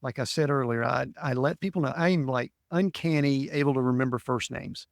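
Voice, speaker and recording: Male host, easygoing mid-pitch voice, dry studio sound. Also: brisk, creaky, no echo. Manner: conversational, leads questions with fillers. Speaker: podcast host. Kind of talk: interview conversation.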